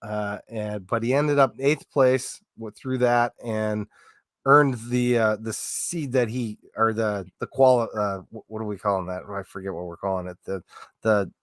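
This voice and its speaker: A man's voice: fairly low pitch, steady tone, unhurried, no room sound, clean studio sound. A man co-hosting a casual sports podcast, telling stories in a rambling way with lots of fillers and restarts. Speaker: podcast co-host.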